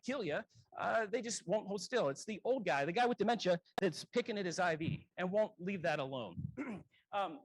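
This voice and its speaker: A man giving a casual emergency medicine lecture, conversational and self-correcting, often clearing his throat. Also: high voice, fairly bright tone, dry recording, poor audio.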